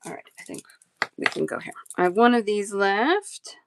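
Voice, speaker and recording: A woman with a mid-range, creaky voice speaks animatedly at a normal speed while hosting a live bead sale, with background noise present. It's casual live-stream sales chat: she answers viewers by reading the chat aloud and rattles off prices and sizes.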